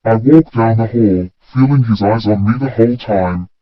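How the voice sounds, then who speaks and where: A man reading a first-person story in a plain, steady way. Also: fairly low pitch, normal speed, no room sound. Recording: dull, dry lo-fi recording.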